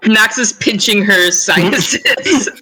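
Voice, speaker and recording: A woman's voice: mid-range voice, takes it slowly, sharp tone, slight background noise. A woman playing a tabletop game, chatty and giggly with frequent restarts. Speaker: player. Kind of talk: casual tabletop play. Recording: distant from the mic.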